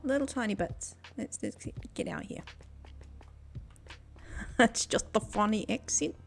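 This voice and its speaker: Giggling often, a New Zealand woman talks with her chat at a desk mic on a casual gaming stream. Her medium-pitched voice is creaky and a little slow, with huge swings in pitch, and soft music sits behind her.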